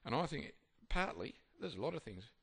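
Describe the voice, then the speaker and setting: A man's voice: on the high side, sing-song, fairly quick, creaky, fairly bright tone, breathy edge. A man giving a sermon, reading Bible passages and then reflecting on them in a conversational, hesitant way with many fillers and restarts. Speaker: preacher.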